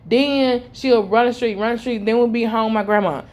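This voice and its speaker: A woman's voice: moderate pace, hardly any pauses. Young woman speaking. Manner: heartfelt, repetitive, voice dropping low and quiet toward the end. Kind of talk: emotional personal testimony.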